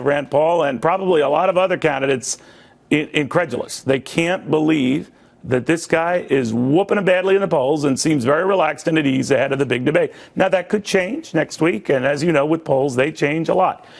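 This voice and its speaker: A man hosting a cable news interview, quick and joking, talking in a loose, conversational way. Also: on the high side, gravelly. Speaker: news show host.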